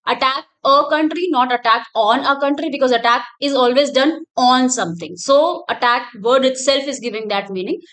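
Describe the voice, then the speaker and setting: Female teacher, high voice, explanatory lecture delivery that repeats its points. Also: normal speed, hardly any pauses, a bit bright. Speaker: English teacher. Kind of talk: recorded exam-prep lecture.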